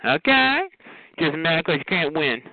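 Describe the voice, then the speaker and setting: A man trash-talking a caller on a phone chatline, sassy and taunting with a drawn-out delivery. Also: fairly high pitch, big pitch swings, crowd noise. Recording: tinny phone line with noise.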